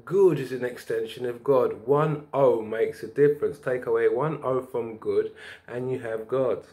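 A man vlogging, telling a rambling spiritual story in a preachy, lively way with bursts of laughter. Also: mid-range voice, measured pace.

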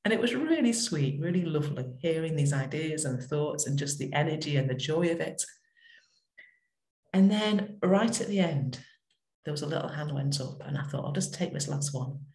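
Gentle woman vicar with a gravelly voice. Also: sits low, expressive, reverberant. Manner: gentle, storytelling, reflective pauses. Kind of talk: short spoken reflection.

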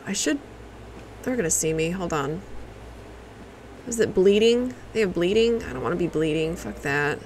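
A woman's voice: fairly low pitch, expressive, normal speed, pauses often, darkish tone, a little hiss or hum, low-quality recording. A woman livestreaming a video game, reacting with curses and chatting to her viewers. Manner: profane, reactive, talks to chat. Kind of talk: casual live gameplay commentary.

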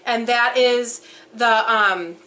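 A young woman excitedly unboxing a subscription box for her vlog, gushing and exclaiming as she goes. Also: a little high, takes it slowly. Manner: gushing, breathless, frequent exclamations.

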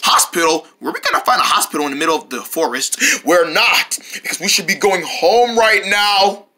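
A woman's voice: fairly low pitch, lively intonation, a little fast, pushed and bright, pitched below the performer's own voice. A woman voicing an anxious, fussy male turtle in a toy play video, forever worrying and complaining that they should go home. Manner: worried complaining.

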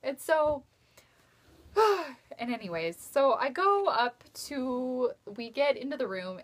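A woman's voice: medium pitch, a bit bright. A young woman telling a fan story in a casual vlog, giddy and gushing, with breathless squealing outbursts. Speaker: fan vlogger. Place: bedroom at night.

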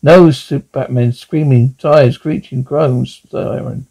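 Solo dubber reading sound cues flatly, husky dark voice. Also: male voice, mid-range voice, takes it slowly. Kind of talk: one-man cartoon fan dub.

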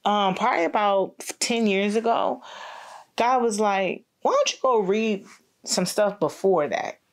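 A woman's voice: medium pitch, a little slow. A woman shares her personal faith story as an interview guest. She talks in a reflective manner and voices the remarks she quotes, her voice sitting in a middle range.

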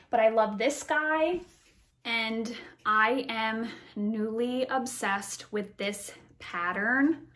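A woman's voice: mid-range voice, a bit bright, echoey room. A woman, gushing in a bubbly, chatty way as she shows her collection in a casual vlog. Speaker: vlogger. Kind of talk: casual show-and-tell vlog.

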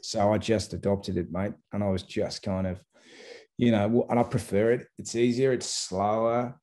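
An English comedian talks through a relaxed interview in a lowish, mellow voice. He rambles cheerfully, piling up animated anecdotes as he goes. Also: normal speed. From England. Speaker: comedian guest. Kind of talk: casual interview chat.

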